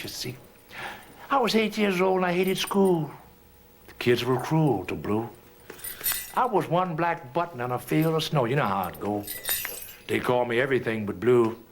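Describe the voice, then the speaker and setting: A man tells a story in rhyme with a rhythmic, sing-song delivery. His voice sits a little high and swoops from soft murmurs to bright calls. A faint hiss runs under the recording. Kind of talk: rhythmic rhyming storytelling performance.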